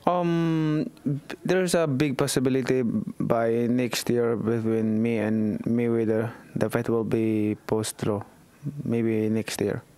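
A man from the Philippines, answering interview questions hesitantly with many pauses. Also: medium pitch, level tone, warm tone, smooth, no echo. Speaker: boxer and politician.

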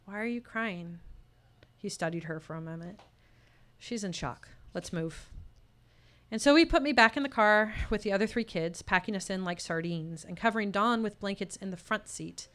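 A woman's voice: medium pitch, moderate pace, a bit bright. A woman telling a personal story at a live storytelling showcase, voicing the people in it as she goes. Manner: personal story told with tense quoted dialogue.

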